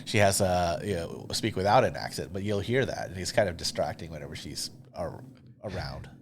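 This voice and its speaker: A man's voice: sits low, animated, fairly quick, creaky, a little hiss or hum. A male podcast co-host chatting casually about a TV show, hesitant and full of fillers. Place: room shared with co-host.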